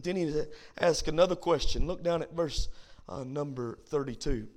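A man's voice: a little high, normal speed, a bit bright. A man preaching a Bible study as pastor, with a repetitive, rising cadence.

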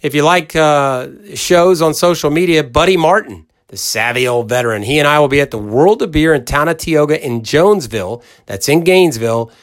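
A man's voice: fairly high pitch, expressive, fairly quick, hardly any pauses. A middle-aged man hosting a college football podcast in a folksy, rambling way, talking straight to his listeners with plenty of emphasis. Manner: folksy, rambling storyteller who acts out quoted voices. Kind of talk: casual podcast chat.

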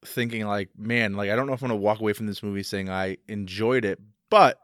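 A man guesting on a podcast in casual chat, throwing in quick jokes. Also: lowish voice, steady tone, a bit bright, no room sound, studio quality. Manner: jokey, quick quips.

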